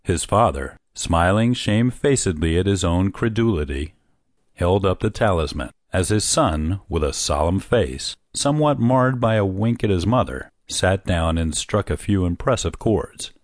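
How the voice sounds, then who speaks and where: A man narrating an unabridged audiobook of a classic story in a measured storytelling manner. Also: low-pitched, animated, dry recording, clean studio sound. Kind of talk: scripted narration.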